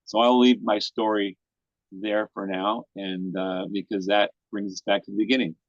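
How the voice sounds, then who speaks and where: A man in his sixties meanders through a folksy story for a group in a retreat center meeting room. His lowish voice is flat at a moderate pace, and the lo-fi recording sounds dull and dry with no room sound.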